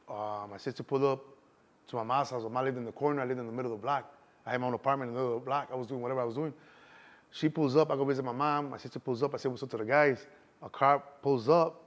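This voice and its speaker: Chicago dude talking quick, street slang, keeps saying you know what im saying. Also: male voice, medium pitch. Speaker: interview guest. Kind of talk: casual storytelling.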